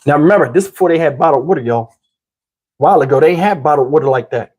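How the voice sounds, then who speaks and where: Husky, profane man from New Jersey. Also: a little high, fast talker. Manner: animated, profane, addresses listeners as y'all. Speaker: storyteller. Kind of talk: casual comic storytelling.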